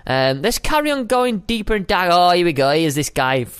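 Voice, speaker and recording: A young man giving playful, chatty commentary while playing a survival game, now and then breaking into high squeals. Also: very animated, moderate pace, fairly bright tone, clear, resonant tone. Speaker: gaming video host. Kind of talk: casual gameplay commentary.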